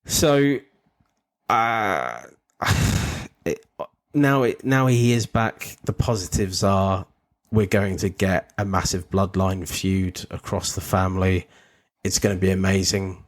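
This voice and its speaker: A man with a lowish voice chats casually as a podcast co-host. He talks in loose, meandering sentences, restarting himself and laughing often. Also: takes it slowly. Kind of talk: casual chat.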